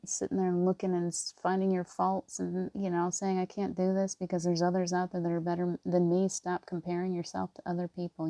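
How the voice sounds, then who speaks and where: A woman giving gentle spiritual encouragement in casual live talk, rambling with restarts and often near tears. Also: fairly low pitch, vocal fry, no room sound. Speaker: spiritual reader.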